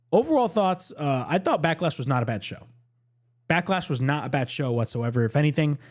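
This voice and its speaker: A man hosting a podcast, recapping a wrestling show off the cuff in a lively, unscripted way and repeating lines for emphasis. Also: mid-range voice. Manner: animated, repeats himself for emphasis. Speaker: podcast host.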